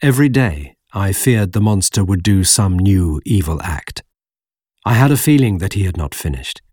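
A man reading a story aloud in the first person, with a husky, gravelly voice, in measured, expressive audiobook narration. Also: low-pitched, no room sound, studio quality.

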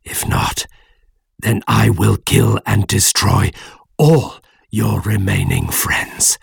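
A man voicing a huge, lonely male monster who pleads slowly and menacingly in an audiobook reading, with a husky, gravelly voice. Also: fairly low pitch, fairly even intonation, dry recording, studio quality, exaggerated voice. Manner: slow, drawn-out pleading delivery. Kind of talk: audiobook character voice.

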